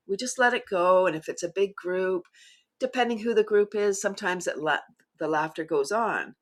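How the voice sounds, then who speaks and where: A middle-aged woman who leads laughter yoga, talking as a guest in an animated way and often breaking into demonstration laughs. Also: mid-range voice, normal speed. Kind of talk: conversational interview.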